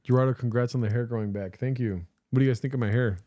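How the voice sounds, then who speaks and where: A man's voice: medium pitch, very fast, slight background noise. A man co-hosting a casual livestream, chatting and laughing at himself. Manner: animated, self-mocking, laughing. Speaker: co-host.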